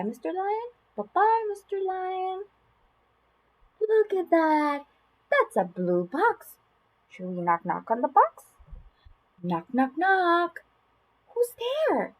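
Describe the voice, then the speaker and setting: A woman showing how to read a picture book aloud to a toddler, in an expressive sing-song way with gasps, then giving tips to parents. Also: high voice, low-quality recording.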